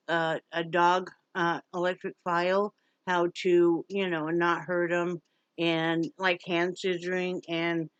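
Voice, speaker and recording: A woman from Wyoming talks in a chatty, folksy way. Her voice sits at an ordinary middle pitch and often slips into coaxing, sing-song baby talk. The sound is dry, with no room echo. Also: highs cut off. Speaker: vlogger, pet rescuer. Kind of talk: casual home vlog.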